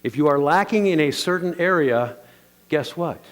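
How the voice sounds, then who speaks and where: A pastor delivers his sermon in a slightly high, lively male voice. He is playful and animated and keeps calling on the congregation to answer back. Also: normal speed.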